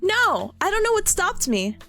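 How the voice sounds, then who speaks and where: A woman live-streaming in casual chat, giggly and bubbly, warmly greeting her chat. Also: extremely high pitch, big pitch swings, a little slow, faint music behind.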